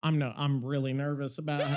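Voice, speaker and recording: Excitable, cursing man hosting a podcast. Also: a little high, measured pace. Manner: rambling, profane, excitable. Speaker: podcast host. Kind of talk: casual podcast chat.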